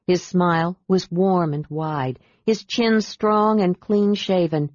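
A woman with a low voice narrating a fantasy audiobook. She keeps a steady, measured pace. The recording is muffled and dry. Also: no echo.

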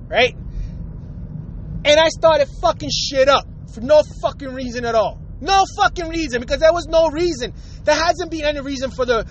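A man with a notably high voice delivers a heated, foul-mouthed rant to his viewers. He is blunt and fired up throughout, with faint outdoor traffic noise behind him near a car. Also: fairly bright tone, rough recording. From United States. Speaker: vlogger. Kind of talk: angry rant to camera.

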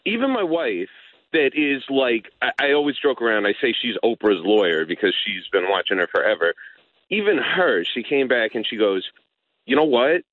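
A man calling into a radio show, nervous and halting, speaking over the phone. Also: mid-range voice, big pitch swings, dry recording. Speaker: caller. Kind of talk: phone-in chat. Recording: tinny phone line.

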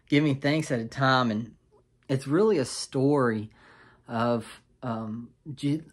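Conversational man teaching a Bible lesson. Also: medium pitch. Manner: conversational, explains and paraphrases with a chuckle. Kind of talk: casual video Bible lesson.

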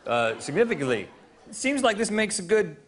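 A man's voice: high voice, sing-song, brisk. A man co-hosting a comedic segment, joking in a playfully earnest way. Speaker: show co-host. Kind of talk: comedic banter.

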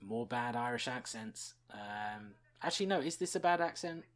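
A man's voice: medium pitch, expressive, moderate pace, fairly bright tone, slight background noise. A man hosting a podcast, musing chattily about a TV episode with fillers and chuckles. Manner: chuckles often. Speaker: podcast host reviewing a TV episode. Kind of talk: casual spoken commentary.

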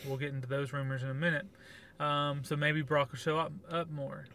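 A man's voice: a little high, level tone, a little fast, pushed and bright. A man co-hosting a podcast, giving blunt, sarcastic opinions in casual review chat. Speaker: podcast co-host.

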